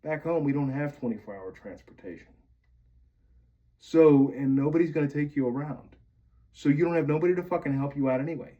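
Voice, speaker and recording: Ranting angrily at the camera, this Pennsylvania man swears his way through a bitter monologue. His voice is fairly high and brisk, captured in muffled, low-fidelity audio.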